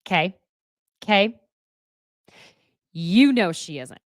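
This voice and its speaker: A sassy woman host delivers casual recap commentary in an animated, opinionated way. Her voice sits at an ordinary middle pitch. The sound is dry and close, with no room echo. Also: slow pace. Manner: sassy, animated, swears and laughs often. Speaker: host of a live recap show.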